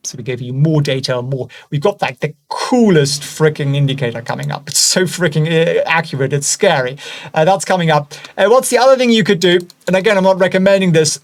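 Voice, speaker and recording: A man with a German accent, a host talking through stock charts in an excitable, chatty way, now and then breaking into high-pitched bursts and whispered asides. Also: fairly quick. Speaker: investing channel host. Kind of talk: screen-share stock analysis.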